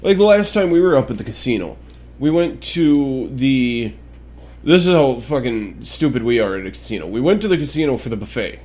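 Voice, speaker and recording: A man's voice: medium pitch, very animated, brisk, darkish tone. A man hosting a casual podcast, telling stories with frequent laughter and swearing. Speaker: podcast host.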